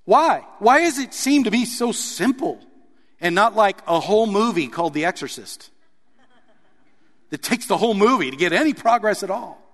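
A man preaching a sermon, reading scripture aloud and explaining it with animated emphasis. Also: high-pitched, normal speed, big-room sound. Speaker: pastor.

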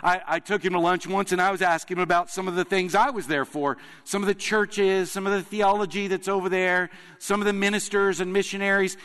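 Man, pastor, sermon, earnest, emphatic pauses, long hall reverb. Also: high voice, fairly even intonation, a bit bright, clean tone. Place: church sanctuary.

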